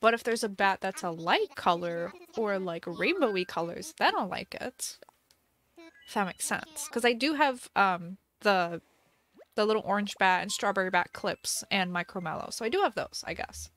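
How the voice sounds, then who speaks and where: A young woman streamer with a medium-pitched voice chats casually at a normal speed, sounding animated. She's giggly and talkative, reading viewer messages aloud over soft background music.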